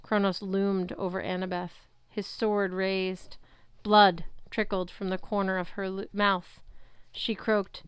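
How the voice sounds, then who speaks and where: A woman narrating a novel chapter aloud in the first person with steady, unhurried reading. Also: mid-range voice, clear, resonant tone, no echo, studio quality. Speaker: audiobook reader.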